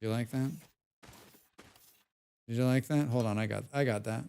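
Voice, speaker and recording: A man's voice: medium pitch, steady tone, normal speed, gravelly, noisy background. Man muttering and humming through a game stream. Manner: muttering, humming and swearing while playing. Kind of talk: casual live-stream commentary. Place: home.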